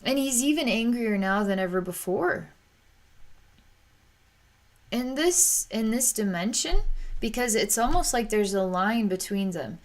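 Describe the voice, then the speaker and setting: Halting, soft-spoken woman psychic. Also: on the high side, expressive. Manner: halting and searching, with frequent restarts. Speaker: psychic reader. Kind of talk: narrating a psychic vision in real time.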